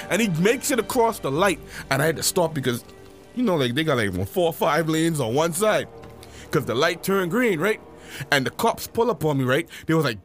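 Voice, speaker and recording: A man co-hosting a podcast, telling stories from his childhood in a loose, animated way and acting out the voices of the people in them. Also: sits high. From South Florida. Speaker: podcast co-host. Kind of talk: casual storytelling chat.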